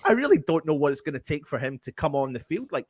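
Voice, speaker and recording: A man's voice: on the high side, steady tone, fast talker, mellow. A man on a live-streamed fan chat, talking emphatically and with frustration, often repeating himself. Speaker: podcast panelist.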